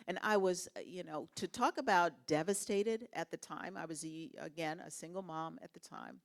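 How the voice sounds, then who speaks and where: A woman speaking as a guest in an interview at a university lunch talk, telling her story in an earnest, expressive way. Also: lowish voice, normal speed, few pauses.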